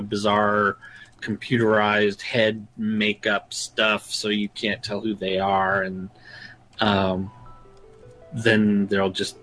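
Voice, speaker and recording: Bright-voiced rambling radio co-host man. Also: lowish voice. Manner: chatty, rambling. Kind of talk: casual banter.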